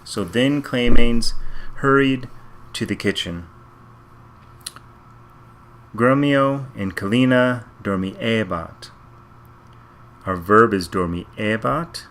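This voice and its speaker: This Latin instructor has a lowish, fairly bright voice, and there's a bit of background noise. He works methodically through a passage, thinking aloud and translating each sentence in a slow, stepwise walkthrough.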